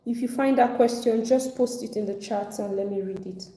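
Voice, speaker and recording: A woman's voice: on the high side, steady tone, moderate pace, mellow. A woman teaching a live online personal finance class, speaking conversationally and acting out other people's complaints. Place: home at evening, video call. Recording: echoey room.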